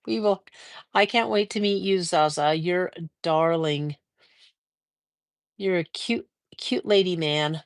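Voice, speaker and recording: An older woman hosts a quilting livestream from her sewing room and chats warmly with viewers as she reads their comments. Her voice sits a little low and she talks slowly, with plenty of drawn-out fillers. The sound is close and dry, with no room echo. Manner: chatty, encouraging, drawn-out fillers. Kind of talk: casual live-stream chat reading viewer comments.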